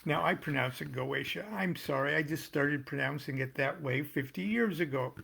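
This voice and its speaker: An older American man reading aloud from his own tarot booklet, pausing to explain terms and make small jokes. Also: fairly high pitch, gravelly, fairly bright tone, slightly rough. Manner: unhurried, stops to explain and joke. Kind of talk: casual reading with asides.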